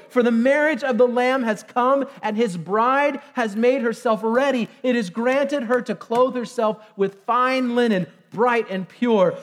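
A man with a very high voice delivers a church sermon, reading scripture aloud and breaking into excited shouts before calming himself back down. He preaches in an energetic, emotional way. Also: moderate pace. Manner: excitable, bursts into shouts then reins himself in. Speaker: pastor. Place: church sanctuary.

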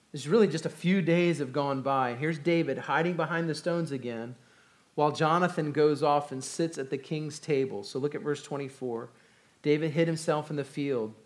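Male pastor, conversational sermon, reads scripture and storytells, slightly high voice. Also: normal speed.

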